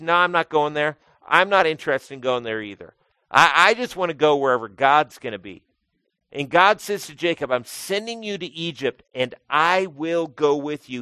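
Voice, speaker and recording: A man's voice: medium pitch, pushed and bright, no echo. Conversational preacher man, dry sound. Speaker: pastor. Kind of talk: sermon.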